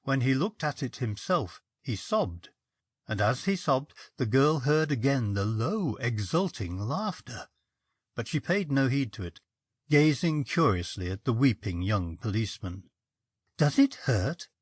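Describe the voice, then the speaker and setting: A man reading a ghost story aloud in a measured, expressive narration. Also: medium pitch, slightly rough, dry recording, clean studio sound. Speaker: story reader.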